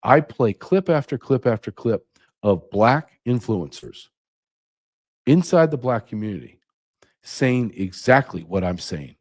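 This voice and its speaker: Man, podcast host, indignant rant, sarcastic, medium pitch. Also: sing-song, a little slow, a little mellow. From United States. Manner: indignant, ranting with sarcastic asides. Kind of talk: opinion monologue.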